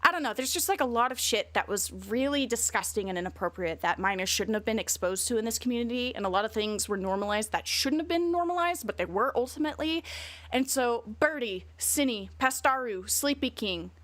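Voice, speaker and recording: A woman's voice: fairly high pitch, lively intonation, brisk, fairly bright tone, dry recording. A woman streamer chatting casually and bluntly, rambling and swearing a lot. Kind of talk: casual livestream chat.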